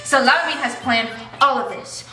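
Bubbly woman vlogger, high and bright, recorded roomy and far. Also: normal speed. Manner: bubbly, chatty, gasps and gushes. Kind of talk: playful chat to viewers about toy llamas. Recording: echoey room, mic at a distance. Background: faint music.

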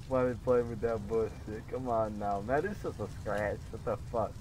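A man's voice: on the low side, normal speed, background noise. A young man commenting on his own gameplay, slangy and profane, repeating catchphrases and taunting other players. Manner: taunting and laughing when excited.

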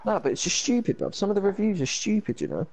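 A man's voice: high-pitched, fast. Ranting young man. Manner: animated, slangy ranting. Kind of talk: casual chat while gaming.

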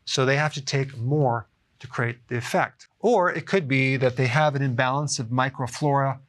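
Casting: middle-aged man, mid-pitched, chatty health explainer to camera, frequent "okay?" check-ins. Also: moderate pace, fairly bright tone. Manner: chatty, often adds "okay?". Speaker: health educator. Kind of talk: casual explainer talk to camera.

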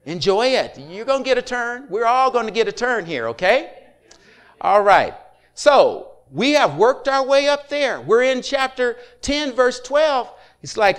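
A man's voice: high-pitched, expressive, normal speed, a bit bright. A middle-aged man, a pastor, preaching a conversational sermon with frequent asides to the congregation.

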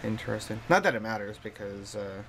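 A man's voice: on the low side, animated, brisk, a bit bright, a little hiss or hum. A man casually commenting on his own card game play in a bedroom, thinking aloud, laughing often, his voice and accent shifting. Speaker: streamer. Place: hot bedroom.

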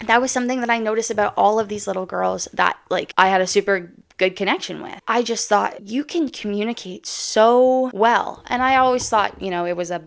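A woman's voice: medium pitch, quick pace, gravelly, hardly any pauses, fairly bright tone. A young woman from Canada talking straight to camera in a casual, emphatic, blunt way that includes swearing. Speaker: vlogger.

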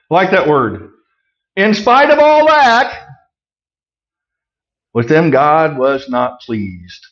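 A middle-aged man preaching a conversational sermon, folksy with joking asides, swinging from loud emphasis to quiet remarks. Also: mid-range voice, lo-fi sound. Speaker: pastor.

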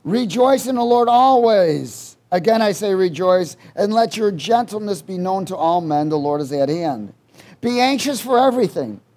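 A man preaching a sermon, quizzing the congregation and swinging between loud exhortation and quiet asides. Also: high voice, expressive, normal speed.

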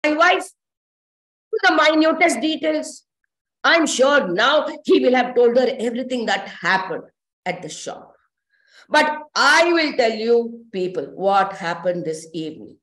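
A woman tells a story in character as a shopkeeper, chatty and full of asides to her listeners. Her voice sits high, and the room around her rings with echo. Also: animated, unhurried, a bit bright. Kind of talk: first-person character storytelling. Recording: roomy echo.

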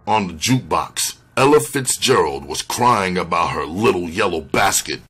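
A man reading a first-person memoir aloud, slow and deliberate. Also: low-pitched, animated, fairly bright tone, slightly rough. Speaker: audiobook reader.

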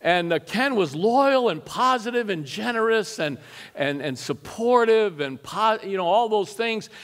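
A middle-aged man preaching a storytelling sermon in a church, folksy and lively, with his voice climbing high and loud when he hits a punch line. His pitch sits a bit above average, and a long hall reverb trails after his words. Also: a little slow. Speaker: guest preacher. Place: church sanctuary.

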